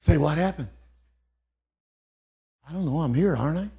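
A man's voice: on the high side, animated, moderate pace, mellow, breathy edge. An older man preaching an old-fashioned sermon, dropping to near whispers and then rising to fervent outbursts.

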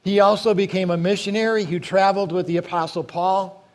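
Reading scripture during his sermon, this male pastor speaks in a high, steady voice and eases his pace whenever he wants to lean on an important word.

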